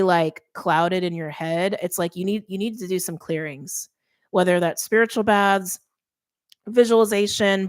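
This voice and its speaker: A young adult woman giving a chatty, emphatic tarot reading, interrupting herself often. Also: mid-range voice. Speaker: tarot reader.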